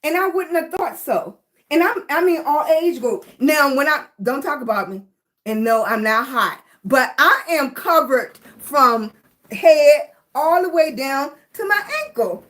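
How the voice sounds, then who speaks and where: A middle-aged woman hosts a livestream, chatting casually with viewers in a high-pitched, fairly bright, animated voice at a slightly slow pace. She sounds short of breath, laughs often, and greets people by name.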